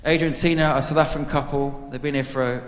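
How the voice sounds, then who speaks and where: A man preaches a sermon to his church, earnest and conversational, joking with the congregation. His mid-range voice is steady and racing, echoing through a church hall with long reverb.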